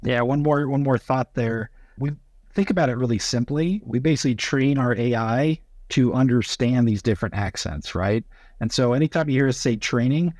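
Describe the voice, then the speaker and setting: A man's voice: medium pitch, a little mellow, dry recording, clean studio sound. Upbeat man explaining simply. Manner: upbeat, plain-spoken explainer. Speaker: company guest. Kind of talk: casual podcast interview.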